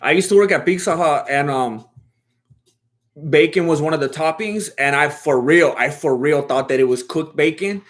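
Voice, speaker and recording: Brief: easygoing male streamer, slangy and chatty, fairly high voice, laughing as he reads chat. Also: normal speed. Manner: laid-back and slangy, reads chat questions aloud and laughs often. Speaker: fight watch-along streamer. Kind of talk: casual livestream chat.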